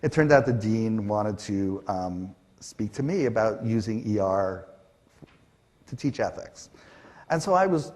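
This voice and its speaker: A man's voice: on the low side, a little slow. A middle-aged man from Canada, telling stories on a conference stage with fillers and acted-out quotes. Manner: animated, acts out quotes, frequent fillers. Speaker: panel guest. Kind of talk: conversational storytelling on stage.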